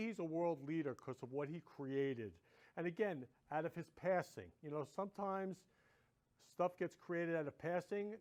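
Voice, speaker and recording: A man's voice: on the high side, a little mellow. A middle-aged man hosting his own show, talking to viewers in a gushing, effusive and repetitive way. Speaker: host. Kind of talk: casual monologue to viewers.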